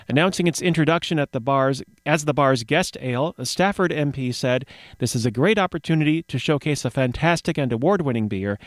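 A man hosts a radio show from a studio, reading news stories and then dropping wry, offhand asides. His voice sits a little high for a man. The sound is close and dry, with no room echo. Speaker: radio DJ host.

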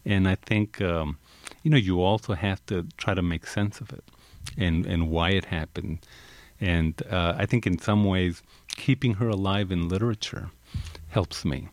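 A man's voice: deep voice, fairly even intonation, unhurried, dry recording. A male author reading from his book, then talking reflectively in an interview with many restarts. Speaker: author, guest. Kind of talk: reading aloud and interview talk.

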